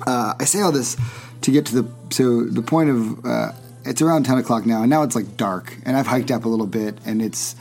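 A man's voice: medium pitch, fairly quick, vocal fry, a little mellow, soft background music. A man hosting a podcast, telling a long story in casual chat, rambling with many restarts and laughs. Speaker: podcast host.

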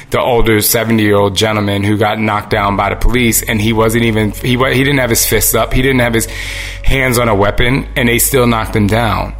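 A man talking in a casual, earnest monologue to his listeners, animated and full of restarts. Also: fairly low pitch.

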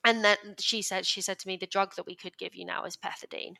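A woman's voice: medium pitch, steady tone, quick pace, gravelly, sharp tone. A young British woman, a podcast guest, telling a personal story in a candid, emotional way, rambling with many restarts and fillers.

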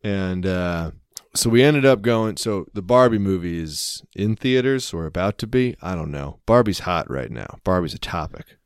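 A man's voice: low-pitched, moderate pace, clean tone, no echo, clean studio sound. A man co-hosting a podcast, chatting casually and telling jokey stories. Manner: jokey, animated storytelling. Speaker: podcast co-host. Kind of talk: casual chat.

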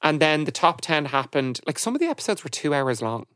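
A man, a podcast guest, telling stories in an animated, chatty way. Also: on the high side, brisk, clean tone, no room sound, clean studio sound. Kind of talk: casual chat.

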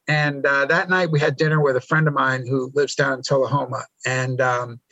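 A man's voice: medium pitch, steady tone, bright, forceful tone, no echo, lo-fi sound. A man from New York telling stories as a podcast guest, often stumbling over and repeating his words. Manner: halting, repeats words while thinking. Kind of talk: casual storytelling interview. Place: around a table with hosts.

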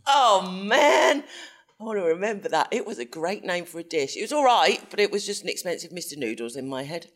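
A man co-hosting a podcast in casual chat, talking in an animated, emphatic, teasing way. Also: high voice, brisk. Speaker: podcast co-host.

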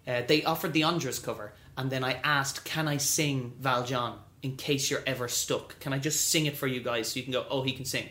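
A man telling stories as an interview guest, animated, often acting out what others said. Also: mid-range voice, fast, hardly any pauses, roomy sound. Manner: animated, acts out quoted voices. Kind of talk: storytelling interview.

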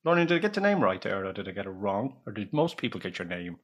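Chatty Irish radio host. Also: male voice, on the low side, big pitch swings, fast talker. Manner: chatty, rambling, jokey storyteller. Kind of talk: casual radio interview chat.

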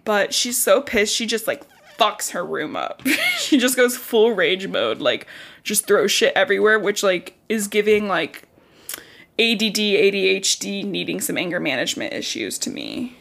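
A young woman talks through a book chapter in loose, casual podcast chat. Her voice sits in a middle pitch, and she fills her sentences with "like" and the occasional curse, acting out the characters' lines as she goes. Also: very animated, moderate pace, creaky, fairly bright tone. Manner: chatty, frequent "like", swears casually, acts out characters' lines. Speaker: podcast co-host.

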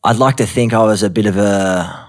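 A man's voice: lowish voice, moderate pace. A man with a broad Queensland Australian accent, a guest on a podcast interview, talking candidly in a laid-back way. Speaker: guest, actor.

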